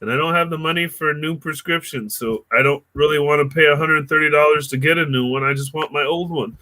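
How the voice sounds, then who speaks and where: A man from the United States talks casually as a podcast guest, joking, laughing and swearing freely. His voice is bright and fairly high, and the sound is dry and close. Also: fast talker, no echo. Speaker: guest comedian and producer.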